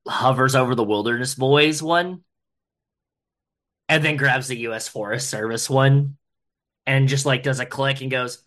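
A man's voice: medium pitch, a little slow, pauses often. A man describing a scene and speaking as his character in a tabletop game, loose and full of fillers. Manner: loose, filler-heavy, excitable. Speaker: player. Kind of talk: casual tabletop role-play.

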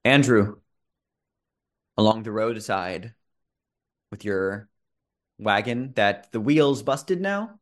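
A man's voice: fairly low pitch, lively intonation, slow, long pauses, fairly bright tone. A man narrating as game master of a tabletop game, loose and casual, swearing often.

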